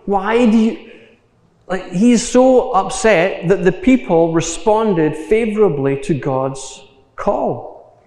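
A man preaching a sermon, telling the story slowly and acting out the quotes. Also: sits high, darkish tone. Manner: unhurried storytelling with acted quotes. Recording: echoey hall.

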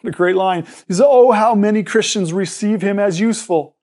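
Earnest high-voiced preacher. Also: male voice, a little fast, a little mellow. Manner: earnest, explanatory, with frequent restarts. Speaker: pastor. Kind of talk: sermon.

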